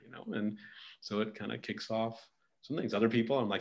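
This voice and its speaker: A man's voice: fairly low pitch, steady tone, fast talker, gravelly. A man hosting a casual interview, talking animatedly and acting out little snatches of dialogue. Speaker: podcast host.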